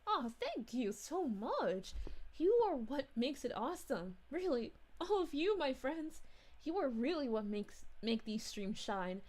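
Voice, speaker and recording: A woman's voice: high voice, very animated, a little slow, a little mellow, exaggerated voice. A woman voicing a cheerful, motherly space princess, reading live-stream chat in character with bubbly, giggly, gushing thanks.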